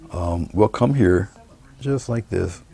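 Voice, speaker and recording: A man giving a painting demonstration, talking through each brushstroke in a relaxed, murmured way. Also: deep voice, slow pace, gravelly. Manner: relaxed, murmured step-by-step commentary while painting. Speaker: painting instructor.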